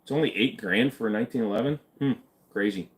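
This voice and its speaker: A man's voice: medium pitch, quick pace. A man hosting a live stream, casually reading and answering chat questions in an offhand, joking way.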